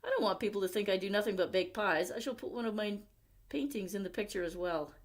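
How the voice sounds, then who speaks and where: A woman's voice: mid-range voice, animated, fast talker, natural voice. A woman reading the lines of a fussy, particular wife in a storybook.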